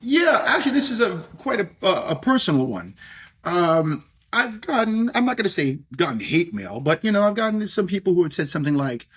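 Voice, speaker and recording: Middle-aged man from New York, slightly high voice, animated, talks in starts and restarts; guest on a podcast. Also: fairly quick, breathy edge. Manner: animated, many fillers and restarts. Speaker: guest, scotch brand owner. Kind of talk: podcast interview.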